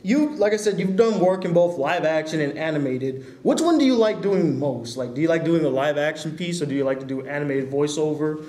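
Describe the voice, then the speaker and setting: A man's voice: a little high, lively intonation, brisk, few pauses, a little mellow, roomy sound. A man hosting his own channel, chatting eagerly with fillers as he runs an amateur interview.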